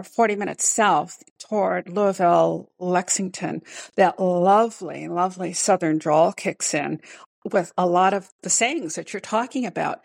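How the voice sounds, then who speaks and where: A woman scientist chatting casually, animated and quick to laugh, often restarting her words. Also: mid-range voice, creaky, dry recording. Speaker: scientist guest. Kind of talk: casual conversation. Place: home in Northern Kentucky.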